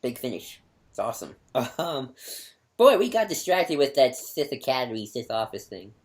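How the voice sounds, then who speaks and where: A man co-hosting a casual podcast, chatting in a rambling, enthusiastic way and laughing often. His voice sits at an ordinary middle pitch. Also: sing-song, moderate pace. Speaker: podcast co-host. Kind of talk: casual chat.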